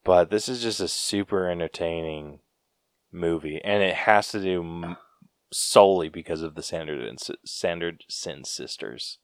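Deep slow-talking dude on a podcast, laid back, dry close mic. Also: male voice, clear, resonant tone, no echo. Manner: laid-back, swears casually, reads trivia aloud. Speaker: podcast co-host. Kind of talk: casual movie chat.

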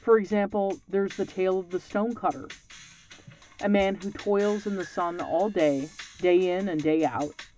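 A podcast host reading a folktale aloud and reflecting on it in measured, scripted narration. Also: mid-range voice, darkish tone, faint music behind.

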